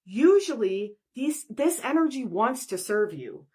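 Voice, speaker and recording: A woman's voice: a little high, very animated, a little slow, a little mellow, husky. A woman, a professional energy worker, talking through a spiritual podcast monologue in a conversational way, acting out inner dialogues.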